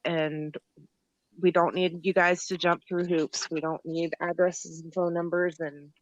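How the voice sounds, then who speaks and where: A woman's voice: on the low side, measured pace, no room sound, highs cut off. Laid-back young woman, dry mic. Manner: relaxed, casual swearing. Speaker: podcast co-host. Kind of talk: casual chat.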